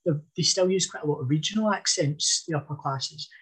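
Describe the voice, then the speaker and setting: A man's voice: a little high, fairly quick, a bit bright, husky. A man talking through history in a casual podcast chat, thoughtful and hesitant. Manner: thoughtful, hesitant with fillers and restarts. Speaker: podcast guest expert on history.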